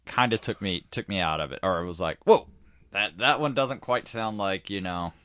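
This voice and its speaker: A man's voice: fairly low pitch, normal speed, fairly bright tone, no echo. A man in his forties co-hosting a podcast in casual chat, rambling loosely with lots of filler words. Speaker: podcast co-host.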